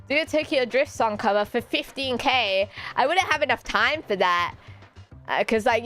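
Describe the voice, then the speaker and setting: A woman with a British accent, a VTuber streamer chatting casually with her viewers and answering their questions, giggly, animated and teasing. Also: fairly high pitch.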